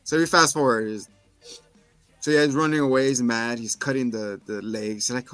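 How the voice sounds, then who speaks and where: A man casually recapping a film for a podcast, retelling scenes with quick voices for the characters. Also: medium pitch, steady tone, fairly bright tone, no room sound, faint music behind. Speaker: podcast co-host. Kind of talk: casual movie review chat.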